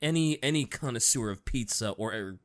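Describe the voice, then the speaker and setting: A man co-hosting a podcast in casual chat, making quick jokes. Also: mid-range voice, animated. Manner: joking, quick quips. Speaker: podcast co-host.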